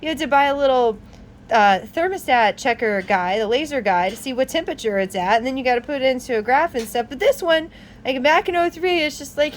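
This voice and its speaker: A woman's voice: high-pitched, brisk. Woman doing a diy truck repair vlog, laughs a lot, kinda exasperated, faint noise behind. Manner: chatty and animated, laughs often, exasperated asides. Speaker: DIY car repair vlogger. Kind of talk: casual how-to explanation, reading a repair manual aloud.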